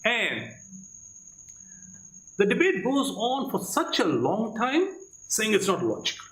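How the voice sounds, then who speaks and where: A man's voice: sits high, wildly swooping pitch, slow, a bit bright, reverberant, low-quality recording. A man giving Catholic opinion commentary, emphatic, asking rhetorical questions and calling the listener "my friend". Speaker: Catholic commentator reviewing a debate.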